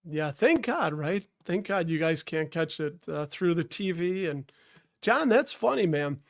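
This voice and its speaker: A man from the Chicago area talks through a live stream while getting over a cold. His voice sits somewhat high, and his chat wanders, full of restarts and asides to the chat. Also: lively intonation, measured pace, creaky. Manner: rambling, self-interrupting, greets chatters. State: stuffed up from a cold.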